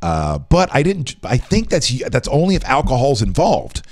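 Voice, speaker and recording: This middle-aged livestream host has a gravelly, slightly mellow medium-pitched voice that swoops wildly in pitch, at normal speed. He rambles and chats casually with viewers, sounding tired and weak after a late night.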